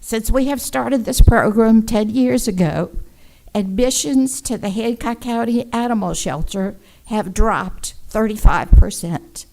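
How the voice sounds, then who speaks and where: A woman volunteer for a nonprofit giving a prepared public presentation at a council meeting, measured, polite and organized. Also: fairly high pitch, creaky, warm tone, poor audio.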